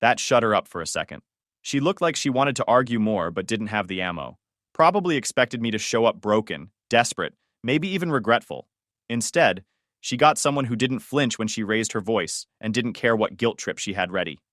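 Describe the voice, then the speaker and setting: Calm man narrating a story. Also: lowish voice, normal speed, no echo, clean studio sound. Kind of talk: scripted narration.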